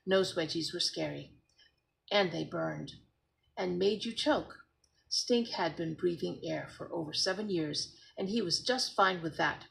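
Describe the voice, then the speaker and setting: Slow, gravelly woman reading aloud. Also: lowish voice, low-quality recording. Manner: expressive, animated reading. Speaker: storybook reader. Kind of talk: reading a children's book aloud.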